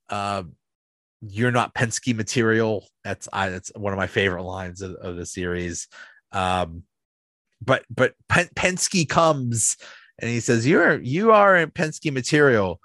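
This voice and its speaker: A man in a casual vlog, rambling through episode retellings with many halting restarts. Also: on the low side, fairly bright tone, dry recording. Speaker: video host ranking sitcom episodes.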